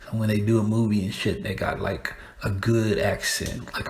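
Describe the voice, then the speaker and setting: A man's voice: fairly low pitch, level tone, moderate pace. Laid-back profane man. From Austin, Texas. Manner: loose, profane, chuckling between jokes. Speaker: podcast host. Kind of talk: casual comedic monologue.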